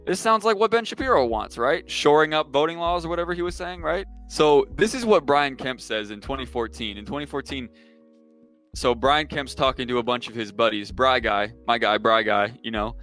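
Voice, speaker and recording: A young man talks casually on a livestream, mocking and exasperated as he reacts. His pitch sits in the middle for a man, and his tone is loose and conversational, with faint music in the background. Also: animated, moderate pace, a bit bright. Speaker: streamer and political commentator. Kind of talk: casual sarcastic commentary on a livestream.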